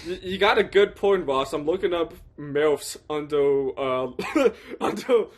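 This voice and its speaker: A man's voice: a little high, measured pace. A man co-hosting a film podcast, talking in a joking, ironic way. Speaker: podcast co-host. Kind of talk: casual film chat.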